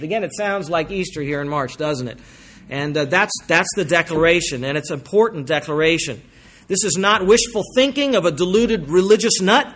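Male preacher, fairly high voice, emphatic sermon delivery, drawn-out stressed words, loud and soft by turns. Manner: emphatic, slows for stressed phrases. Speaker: pastor.

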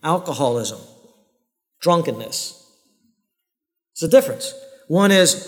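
A pastor giving a sermon in earnest, direct tones. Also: male voice, fairly high pitch, sing-song, measured pace, pauses often. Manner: earnest, direct preaching with voiced prayers and quoted excuses. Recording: long hall reverb.

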